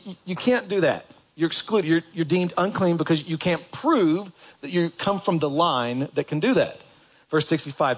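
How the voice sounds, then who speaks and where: A man preaching a sermon in a conversational way, putting questions to the congregation. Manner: animated, jumps up in pitch for emphasis. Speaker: pastor.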